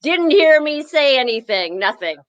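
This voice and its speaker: A woman's voice: high voice, very animated, normal speed, muffled recording, faint music behind. A woman voicing a nervous female coronavirus puppet who giggles and stammers evasively in a live puppet comedy.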